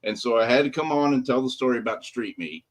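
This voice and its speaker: A man co-hosting a podcast jokes around and laughs often in casual chat. He has a medium-pitched, expressive voice and talks fast.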